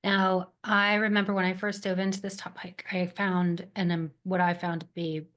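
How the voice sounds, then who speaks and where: A woman's voice: on the low side, level tone, moderate pace, fairly bright tone. A woman hosting an interview podcast, asking her guest questions in an encouraging way. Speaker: host.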